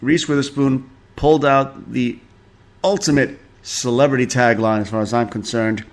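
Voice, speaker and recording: A man's voice: mid-range voice, steady tone, normal speed. A man hosting a podcast, gossiping about celebrities with sarcastic, profane remarks and frequent chuckles. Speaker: podcast host. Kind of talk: casual celebrity gossip commentary.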